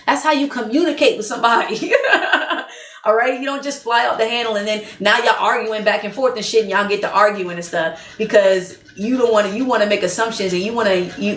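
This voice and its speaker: A woman's voice: mid-range voice, a bit bright, a little hiss or hum. A woman vlogging relationship advice in a blunt, chatty way, laughing often and repeating points for emphasis. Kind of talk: candid casual monologue. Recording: roomy echo.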